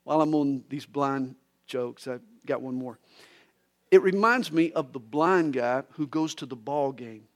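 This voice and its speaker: A man preaching a radio sermon, telling jokes and stories in a folksy, animated way. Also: medium pitch, measured pace. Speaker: pastor.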